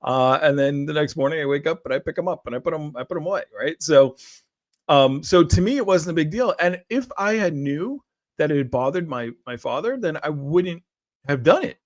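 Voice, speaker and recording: A man's voice: fairly high pitch, animated, brisk, dry recording. A man hosting a morning show, talking casually in a solo monologue, rambling with repeated words and frequent "right?" and "like".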